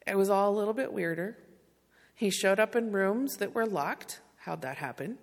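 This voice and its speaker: A woman's voice: mid-range voice, normal speed, long reverb tail. A woman pastor preaching a sermon, speaking tenderly and directly to her congregation.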